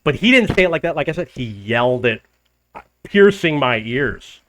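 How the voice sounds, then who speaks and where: This travel vlogger, a middle-aged man from the US, spins a story in a casual solo talk at a moderate pace and mid-range pitch. He brings the retelling to life by acting out the quoted arguments.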